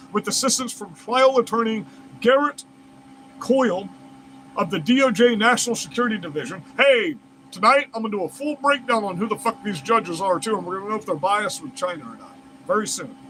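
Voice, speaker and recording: A man's voice: high voice, a bit bright, slight background noise, rough recording. A man reads news aloud and breaks off into heated, profane, incredulous rants as a commentary host. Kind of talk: reading news aloud and ranting over it.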